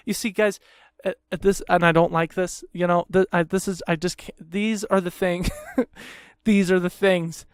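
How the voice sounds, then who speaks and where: A young man rants on his podcast, swearing at every turn and piling on sarcastic complaints. His voice is smooth and resonant, recorded close and dry with no room sound. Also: high voice, no echo. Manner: angry, swears constantly, sarcastic, rambling. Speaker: podcast host. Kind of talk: profane ranting monologue.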